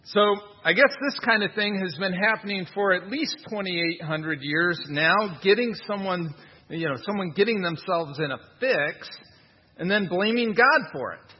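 A man's voice: high-pitched, normal speed, slightly rough, in a large hall, dull audio. A man preaching a sermon in a conversational, wry manner, with rhetorical asides. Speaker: pastor.

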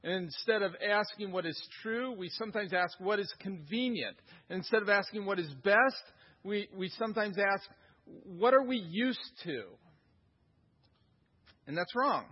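A high, husky-voiced man delivers a sermon from the pulpit. He is earnest and stacks repeated words to drive points home. The recording sounds dull and lo-fi. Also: moderate pace. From United States. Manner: earnest, repeats phrases for emphasis. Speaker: pastor.

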